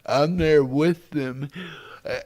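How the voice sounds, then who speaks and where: A man's voice: on the high side, steady tone, darkish tone, no echo. A man who is a guest speaker, telling stories and speaking earnestly about faith in a podcast interview. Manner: slow, deliberate, earnest, faith-based.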